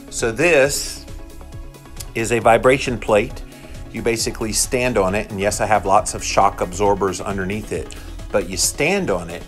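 A man's voice: fairly low pitch, a bit bright. Chatty man live-streaming from his phone. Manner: chatty, addresses viewers directly, reads comments aloud. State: voice shaking from vibration. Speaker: health podcaster livestreaming. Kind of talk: casual live stream chat to viewers. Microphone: phone held while filming.

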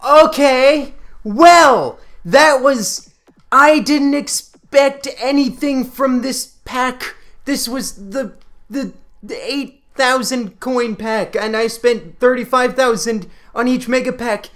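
A young man, giving excitable pack-opening commentary over a hockey video game. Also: very high-pitched, takes it slowly. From Canada. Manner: excitable, yelps and laughs at pulls. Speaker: gaming video creator.

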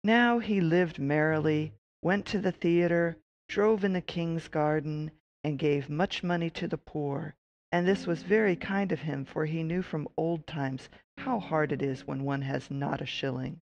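A narrator reading a classic fairy tale aloud at a measured storytelling pace. The voice sits at a middling pitch with a gravelly edge, now and then breaking into a lively exclamation. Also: highs cut off. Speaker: audiobook narrator.

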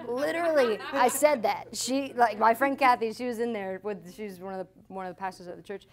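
A woman worship leader in her thirties giving a candid, animated teaching talk at a church conference. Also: a little high, fairly quick, crowd noise. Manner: candid, animated storytelling with laughs.

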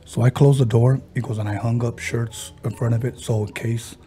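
A man hosting a podcast, casually retelling a ghost story he heard and slipping into the voices of the people in it, with halting restarts. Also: medium pitch, fairly even intonation, mellow, faint music behind. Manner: halting, with frequent restarts and fillers. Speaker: podcast host.

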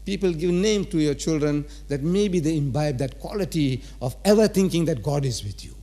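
A man's voice: fairly high pitch, animated, moderate pace, mellow. A man giving a religious lecture to a live audience in a large auditorium, full of rhetorical questions and teasing. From South Africa. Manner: rhetorical, quizzes and teases the audience.

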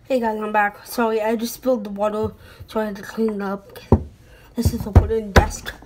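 A woman's voice: medium pitch, level tone, normal speed. A woman with a slight British accent, talking casually to the camera in her bedroom, rambling and apologizing often. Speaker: vlogger. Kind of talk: casual home vlog. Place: bedroom at home. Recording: noisy home recording.

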